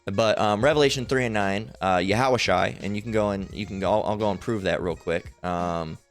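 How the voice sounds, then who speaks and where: Low, smooth-voiced man teaching scripture. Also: brisk, soft background music. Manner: hesitant, frequent fillers, checks in with "all right?". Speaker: religious teacher. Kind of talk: informal Bible teaching over screen share.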